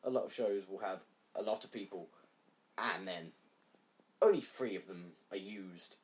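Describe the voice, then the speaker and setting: A man's voice: deep voice, measured pace. A man giving a casual, rambling review of an anime series, often stopping to correct himself.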